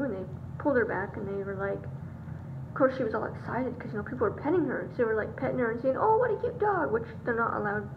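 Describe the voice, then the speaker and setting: Chatty young woman with lo-fi hiss. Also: a little high. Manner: chatty, many "like" and "um" fillers, acts out quotes. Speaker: vlogger. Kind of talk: casual storytelling vlog. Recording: dull lo-fi sound with audible background hiss.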